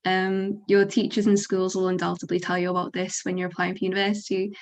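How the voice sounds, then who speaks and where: Young woman student explaining stuff, earnest, pretty monotone. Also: lowish voice, a little fast. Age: young adult. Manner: informative, earnest. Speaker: university student panelist. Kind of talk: casual panel discussion.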